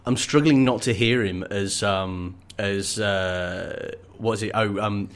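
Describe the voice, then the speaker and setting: A man co-hosting a podcast, jokey and animated, often slipping into silly voices. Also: on the low side, slow. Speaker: podcast co-host. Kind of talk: casual chat with comic commentary.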